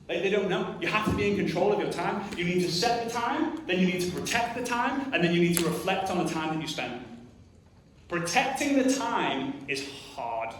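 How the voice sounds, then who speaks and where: Male motivational speaker, slightly high voice, direct and punchy with the crowd; distant mic, big echoing hall. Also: expressive, moderate pace, fairly bright tone, a little hiss or hum. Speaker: motivational speaker at a network marketing event. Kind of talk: live motivational talk to an audience. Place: large hall with a live audience. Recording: very echoey hall recorded from far off.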